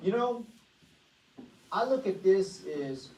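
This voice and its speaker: A woman giving an energetic money-management workshop presentation, often asking the audience rhetorical questions. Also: medium pitch, slow pace. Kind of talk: motivational presentation. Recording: echoey room, voice far from mic.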